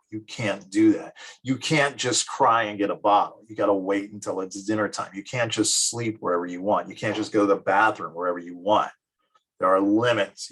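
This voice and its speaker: Lively middle-aged teacher, husky voice, talks through examples by acting them out. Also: male voice, on the low side, low-quality recording. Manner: lively, acts out children and parents in quick asides. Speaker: psychology teacher. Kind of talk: classroom lecture.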